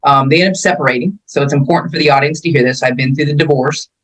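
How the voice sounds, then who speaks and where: A woman's voice: low-pitched, fast, breathy edge, low-quality recording. Woman in her 50s, martial arts teacher, chatty storyteller doing all the voices. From California. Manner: animated storyteller acting out quotes. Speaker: martial arts instructor and guest. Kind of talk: casual storytelling interview.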